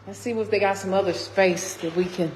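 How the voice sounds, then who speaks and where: Her voice is mid-range, steady, brisk and somewhat dark as this Texas realtor tours a model home on her phone. She chats her way through the empty, under-construction house, exclaiming a lot and addressing viewers as "y'all," while the bare rooms echo and faint noise lingers.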